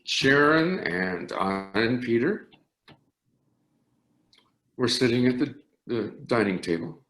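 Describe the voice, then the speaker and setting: An older man, a conductor, recounts stories in an interview with animated, rising and falling intonation. He restarts phrases often as he talks. His voice carries a roomy echo. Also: medium pitch, takes it slowly. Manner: animated anecdote teller with frequent restarts. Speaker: orchestra conductor. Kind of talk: storytelling interview.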